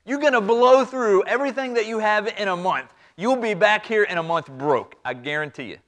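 A man's voice: high-pitched, expressive, normal speed, fairly bright tone. A man doing a stern, incredulous old father. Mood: scolding.

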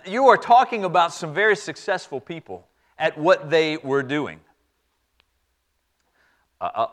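Male preacher, sermon storytelling, high voice, conversational, repeats words. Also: fairly bright tone. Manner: conversational, repeats words, varies tempo for emphasis.

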